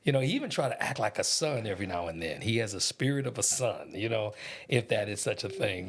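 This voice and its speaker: Low-voiced teasing podcast host. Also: male voice, lively intonation, brisk, breathy edge. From Detroit, Michigan. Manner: warmly teasing, affirming. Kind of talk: casual interview chat.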